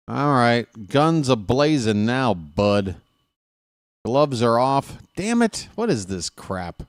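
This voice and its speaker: A man hosting a live stream, trash-talking his opponents in a dice game, swinging from muttering to excited yelling. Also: mid-range voice, slow, clear, resonant tone, no room sound, clean studio sound. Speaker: streamer and play-by-play host. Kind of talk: casual live-stream commentary while playing a dice game.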